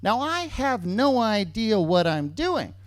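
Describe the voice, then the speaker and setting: A man tells a true story on stage, his pitch leaping up and down as he goes. He often repeats key lines for emphasis. The sound is close and dry, with almost no room around it. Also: big pitch swings, slow, no room sound.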